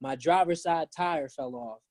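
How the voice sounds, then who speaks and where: Earnest male pastor guest, warm low-key tone, dry recording. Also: unhurried, dry recording. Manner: earnest, animated when retelling. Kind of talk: casual storytelling.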